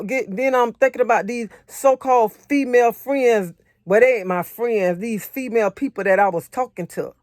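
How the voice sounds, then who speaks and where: A married adult woman with a voice on the high side offers a motivational talk on faith, recorded in studio quality with no echo. She earnestly returns to her points again and again, preaching conversationally and sharing her personal testimony casually.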